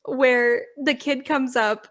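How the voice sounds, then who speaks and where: Giggly high-voiced young woman. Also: steady tone, slow pace, fairly bright tone. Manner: giggly, gushing, retells scenes animatedly. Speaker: podcast co-host. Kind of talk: casual book-club chat.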